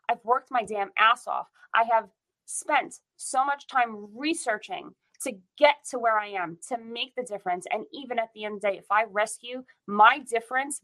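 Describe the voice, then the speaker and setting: A woman's voice: a little high, bright, forceful tone, poor audio. A woman from the United States giving a fierce, repetitive rant with frequent swearing in a casual chat.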